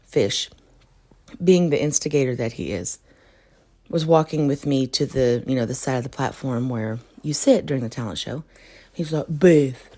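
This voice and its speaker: A woman's voice: a bass voice, dark tone. Chatty woman podcaster. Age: 30s. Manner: chatty, laughing, many fillers. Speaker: podcast host. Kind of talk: casual storytelling podcast.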